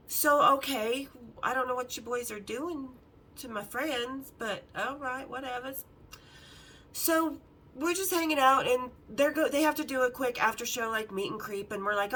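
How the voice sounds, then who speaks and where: A woman hosting a podcast, telling candid, bawdy stories in a lively, casual way and acting out the other people in them. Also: sits high, moderate pace, low-quality recording. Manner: lively, acts out the others' lines in her story. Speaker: podcast host. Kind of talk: casual storytelling.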